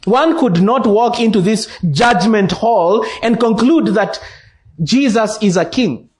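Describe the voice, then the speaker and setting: A man with a Kenyan English accent preaching an expository sermon in church, slow and deliberate, repeating key phrases for emphasis. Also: sits high, darkish tone, a little hiss or hum. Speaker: pastor.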